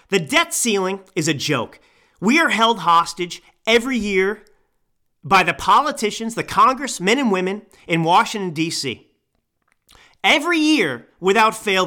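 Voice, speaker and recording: A man in his thirties, a podcast host, delivering an angry political commentary rant into a microphone. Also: high-pitched. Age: 30s. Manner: angry, ranting, yelling. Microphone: studio microphone.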